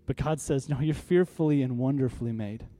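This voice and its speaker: A man's voice: mid-range voice, a little fast, dark tone. A man preaching a sermon, leading the congregation in call-and-response and building to emphatic, rallying peaks. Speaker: pastor. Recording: faint music behind.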